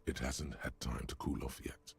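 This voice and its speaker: An actor playing the game's omniscient narrator, speaking in slow, deliberate scripted narration. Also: male voice, a bass voice, steady tone, gravelly, slightly rough, dry recording, heavily acted. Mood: grave. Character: deep, omniscient male game narrator.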